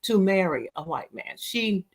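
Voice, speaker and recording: A woman hosting a podcast in casual chat, an animated storyteller who acts out the quotes. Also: mid-range voice, measured pace, slightly rough. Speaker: podcast host.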